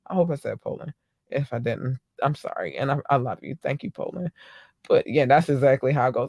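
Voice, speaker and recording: A woman hosting her own podcast, chatting casually and gushing with excitement as she greets listeners. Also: rumbling low, fairly quick, vocal fry, slightly rough, no room sound, studio quality. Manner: gushing, excitable, squeals in delight. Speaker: podcast host. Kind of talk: casual solo podcast chat.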